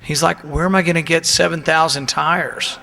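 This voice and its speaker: A man's voice: fairly high pitch, fairly even intonation, normal speed, creaky, sharp tone. Indignant man speaking in a hall. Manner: indignant, emphatic, storytelling. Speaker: politician giving a speech. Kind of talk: public speech.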